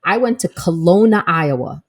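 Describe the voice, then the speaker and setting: A woman from Brooklyn with a Brooklyn accent, co-hosting a podcast in animated casual chat. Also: lowish voice, normal speed, husky. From Brooklyn, New York. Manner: animated, repeats "listen" and "y'all". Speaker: podcast co-host.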